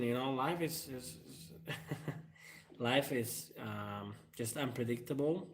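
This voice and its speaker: A man whose first language is Italian speaks slowly in a mid-range, slightly bright voice. Hosting his own channel, he keeps up a loose, rambling live-stream chat packed with hesitations, fillers, and frequent laughter.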